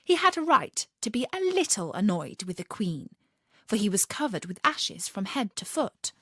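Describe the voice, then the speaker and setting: Lively woman reading a storybook. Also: mid-range voice, normal speed, husky, no echo, clean studio sound. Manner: expressive, animated reading.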